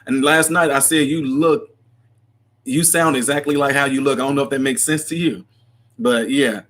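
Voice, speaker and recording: Guy running a live chat, mid pitch, rambles and laughs a lot. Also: steady tone, normal speed, a bit bright. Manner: chatty, laughs often, rambling. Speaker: livestream host. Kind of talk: casual live chat reading comments.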